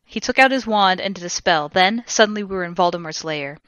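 A woman co-hosting a comedy podcast, reading fan fiction aloud in a theatrical way and shouting out the characters' lines. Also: lowish voice, a little fast, no echo, muffled recording. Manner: reads with big theatrical shouts for the characters, breaks into laughter.

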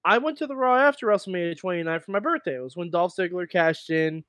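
A man co-hosting a casual wrestling talk show, telling stories with animated, mocking sung bits. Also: sits high, fast, dry recording, studio quality. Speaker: podcast co-host. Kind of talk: casual chat.

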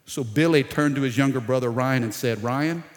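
A middle-aged pastor from South Louisiana with a Louisiana accent, preaching a sermon with animated storytelling, acting out the voices in his story and calling out to the congregation. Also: medium pitch, brisk. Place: church hall. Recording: long hall reverb.

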